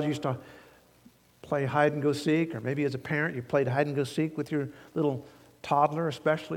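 Gravelly folksy preacher in a big hall. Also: male voice, a little high. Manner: folksy preaching, builds to loud emphatic peaks. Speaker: pastor. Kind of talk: sermon.

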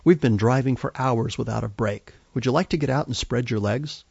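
A man quoting a courteous male driver who is apologizing, in his own gravelly voice on a dry, dull recording. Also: mid-range voice, fairly quick, a little mellow, dry recording. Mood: apologetic.

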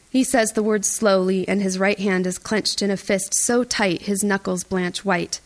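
A woman reading a first-person audiobook in a tense, even storytelling voice. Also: medium pitch, moderate pace, hardly any pauses. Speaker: audiobook narrator. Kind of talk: first-person scripted narration.

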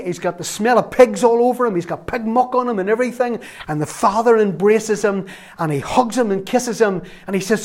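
A man's voice: sits high, animated, moderate pace. A man preaching a sermon as pastor, emphatic and repeating his key phrases.

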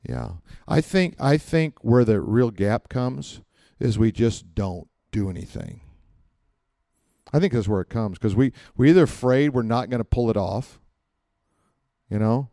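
A man's voice: mid-range voice, expressive, unhurried, creaky, warm tone, no room sound, clean studio sound. A man preaching a conversational sermon as pastor, mixing plain talk with acted prayers and rising to emphatic fervor.

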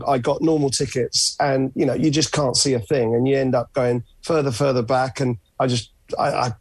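A man's voice: mid-range voice, slightly rough, dry recording. A man with a North London accent, a podcast guest telling stories in a chatty, easygoing way. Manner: chatty storyteller, many uh fillers. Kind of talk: casual podcast chat.

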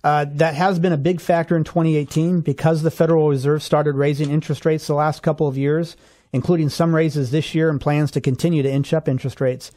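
A man co-hosting a radio finance show, explaining rules step by step in a steady, clear way. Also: a little high, a little fast. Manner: steady explanatory, walks through examples step by step. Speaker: financial advisor co-host.

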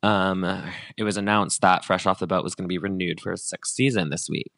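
A man's voice: low voice, steady tone, fairly quick, a bit bright, dry recording. A man co-hosting a podcast, chatting casually about celebrity gossip and acting out quotes with lots of fillers. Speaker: podcast co-host.

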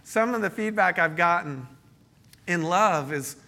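Brief: male pastor, high and bright tone, lively storytelling sermon. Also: unhurried. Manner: storytelling, joking, animated. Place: church meeting space.

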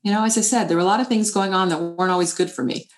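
A woman's voice: mid-range voice, racing. A middle-aged woman, an author and former chief executive, answering interview questions and telling stories animatedly, acting out the voices in her head. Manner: animated storytelling, acts out inner voices.

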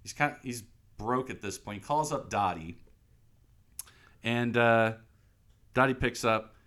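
A man's voice: mid-range voice, a little slow, fairly bright tone. A man co-hosting a casual chat about a film, laughing often and acting out scenes. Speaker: podcast co-host.

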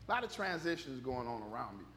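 A man's voice: medium pitch, big pitch swings, fast talker, a bit bright, a little hiss or hum. A male pastor preaching a conversational, folksy sermon to a church congregation, trading quips and amens with them. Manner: folksy, talks back and forth with the congregation; jokes and raises his voice when telling funny stories. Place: church service.

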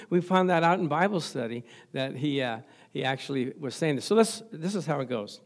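Middle aged guy preaching in church, jokey and playful, kinda high voice. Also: lively intonation, moderate pace, hardly any pauses. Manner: playful, joking with the congregation. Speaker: pastor. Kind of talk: sermon. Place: church with a live congregation.

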